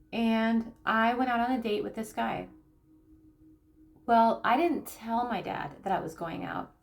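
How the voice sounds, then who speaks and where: A woman spiritual coach speaking candidly to camera in a personal teaching talk, halting and repeating phrases as she reflects. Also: medium pitch, creaky. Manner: soft, grounding, reflective. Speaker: spiritual coach and tarot reader.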